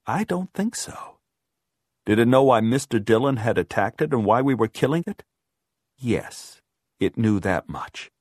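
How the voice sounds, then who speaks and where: A man reading a first-person horror audiobook, measured, dropping low and quiet on grim lines. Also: no echo, clean studio sound. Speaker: audiobook narrator.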